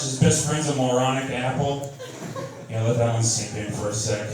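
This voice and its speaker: A man's voice: medium pitch, lively intonation, brisk. A man doing a stand-up comedy set in a club, with a crude, sardonic, mocking delivery. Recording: echoey club from far off, crowd laughing. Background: audience laughter.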